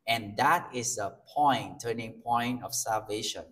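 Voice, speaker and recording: A male pastor with a Vietnamese accent preaching a sermon in non-native English, slow and emphatic. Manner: slow, emphatic preaching with lively pitch swings.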